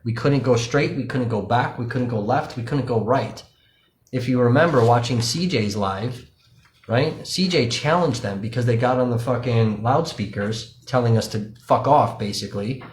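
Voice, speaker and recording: A man's voice: mid-range voice, normal speed. A man, an independent livestream journalist, talking casually and profanely to his viewers, explaining things directly to them. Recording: roomy echo.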